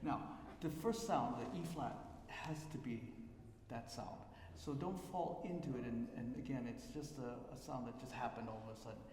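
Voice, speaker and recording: A man's voice: medium pitch, moderate pace, darkish tone, a little hiss or hum. A man teaching a piano masterclass, explaining phrasing and humming the notes. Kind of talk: masterclass coaching. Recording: echoey hall with piano.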